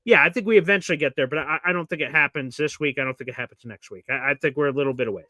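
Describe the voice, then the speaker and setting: A man's voice: on the high side, very fast, pushed and bright, dry recording. A man co-hosting a sports podcast, talking casually and animatedly, acting out quotes in a raised voice. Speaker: podcast co-host.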